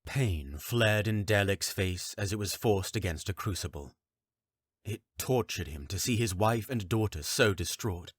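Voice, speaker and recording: A man narrating a fantasy audiobook in a calm, even, deliberate reading style at a close mic. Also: fairly low pitch, slightly rough, dry recording.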